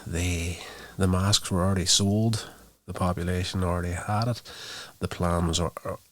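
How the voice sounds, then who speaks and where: A man's voice: deep voice, steady tone, normal speed. A man hosting a podcast, casually recounting a movie's plot in a rambling way with many fillers. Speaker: podcast host reviewing a movie. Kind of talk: casual spoken movie review.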